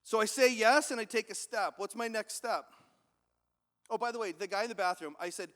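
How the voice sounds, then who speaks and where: High-energy man on stage in an echoey hall. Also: fairly quick, a bit bright. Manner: high-energy, acts out quoted voices, questions the audience. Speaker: keynote speaker. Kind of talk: motivational keynote. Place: large event hall with audience.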